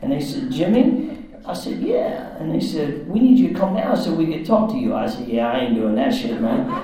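A man telling a candid personal story in rough, profane, run-on bursts. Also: on the high side, lively intonation, normal speed, warm tone. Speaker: storyteller recounting his past. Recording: very echoey room.

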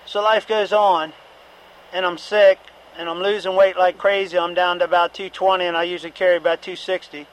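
A man's voice: sits high, little pitch movement, fairly quick, low-quality recording. A middle-aged man giving a candid, repetitive personal testimony at a recovery meeting, with occasional profanity.

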